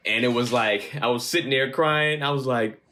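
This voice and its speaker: A man in his thirties co-hosting a podcast, his voice sitting at an ordinary middle pitch. He tells stories in an animated, casual way and swears freely. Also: normal speed. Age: 30s. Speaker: podcast co-host. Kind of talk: casual chat.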